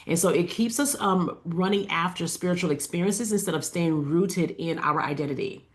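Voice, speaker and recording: A faith-based life coach with a somewhat low voice talks casually and inspirationally straight to camera. She stays conversational with fillers and asides, slowing down to repeat her key lines.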